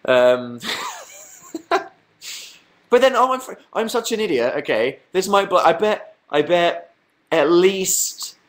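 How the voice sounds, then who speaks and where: Rambling young man livestreaming. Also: on the high side. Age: young adult. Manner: rambling, self-mocking, reads chat aloud. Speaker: livestream host. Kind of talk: casual livestream chat.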